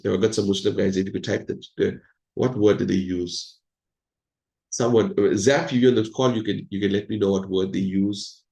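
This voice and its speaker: A man hosting an online meeting, giving an animated, hyped presentation and talking straight to his audience over a video call. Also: on the low side, creaky, reverberant. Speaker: host of an online crypto meeting.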